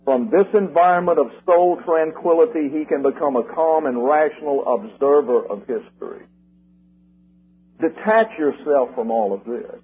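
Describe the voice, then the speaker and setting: An older man delivers a sermon with a husky, worn tone, stressing his numbered points and saying his slogans twice. His voice sits a bit high for a man. It comes through a thin, phone-like broadcast. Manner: emphatic, numbered points, slogans repeated slowly. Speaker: preacher. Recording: tinny lo-fi radio broadcast.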